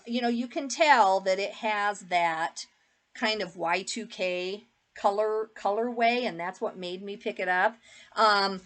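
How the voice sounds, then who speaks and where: A middle-aged woman who resells on eBay shows viewers her thrift haul, chatting casually with lots of fillers. Her voice is mid-range and a bit bright.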